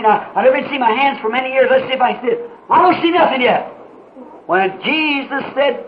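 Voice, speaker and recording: A man preaching a sermon in an impassioned way, rising to shouts with dramatic pauses, on an old muffled tape. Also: very high voice, big pitch swings, slight background noise.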